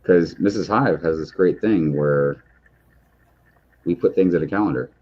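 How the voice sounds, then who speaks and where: Host type, man, very low voice, animated and loud when excited, slightly dull lo-fi audio. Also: unhurried. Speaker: streamer host. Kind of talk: casual chat on a livestream.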